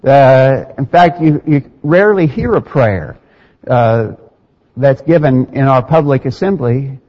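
A man's voice: mid-range voice, darkish tone, highs cut off. A man preaching a sermon in an earnest, emphatic way, reading scripture aloud and explaining it. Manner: earnest, emphatic, quotes scripture in King James wording.

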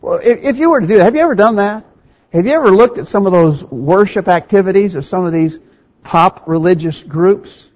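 A man preaching with emphatic, fervent delivery and a fairly high voice. The sound is dull and lo-fi, like an older church recording. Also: expressive, brisk. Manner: emphatic, rising to fervent peaks. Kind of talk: sermon.

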